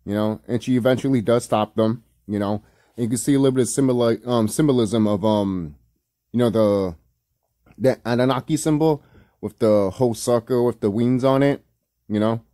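A man's voice: medium pitch, normal speed, warm tone, no room sound, studio quality. A man giving casual, rambling reaction commentary on a cartoon, full of fillers, swearing and laughter. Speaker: video commentator.

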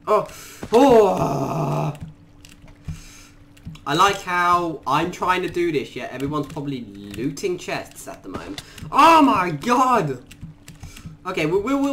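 A man doing let's play commentary, muttering quietly to himself and then bursting into panicked shrieks and swearing. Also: a little high, sing-song, slow, gravelly, pauses often. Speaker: gaming YouTuber.

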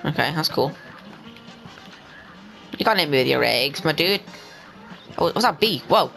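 A young man giving excitable let's-play commentary, talking to the game and to his viewers and bursting into yells. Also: on the high side, a little slow, gravelly, faint music behind, low-quality recording. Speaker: gaming channel host.

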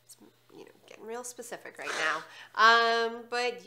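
A woman's voice: a little high, moderate pace, bright, forceful tone. A woman co-hosting a casual chat, with a nasal, stuffed-up voice from allergies, telling stories in an upbeat, chatty way. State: congested from allergies. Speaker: co-host.

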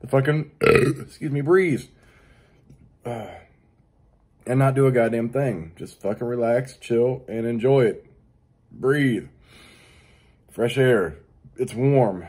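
A man's voice: mid-range voice, slow, pauses often, a little mellow, husky. A middle-aged man hosting his own show, talking casually in a crude, profane, joking way. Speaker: podcast host. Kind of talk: casual solo monologue.

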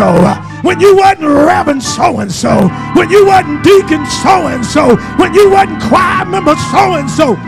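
An older man preaching a fiery church sermon, shouting and laughing as he urges the congregation to answer him. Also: very high-pitched, vocal fry. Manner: shouting, urging the congregation with call-and-response and frequent laughs. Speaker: pastor. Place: church sanctuary.

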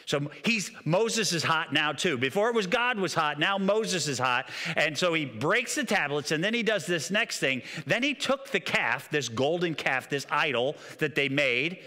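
A male pastor delivering a sermon with a high, bright voice that swings widely in pitch. He tells the story with animated energy, stumbling over repeated words, and his voice rings in a long hall reverb. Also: normal speed, hardly any pauses.

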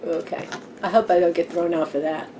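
A woman's voice: on the low side, steady tone, a little fast, background noise. A woman hosting her own tarot vlog from home, chatting casually, rambling and laughing easily. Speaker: tarot channel host. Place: home room with a fan running.

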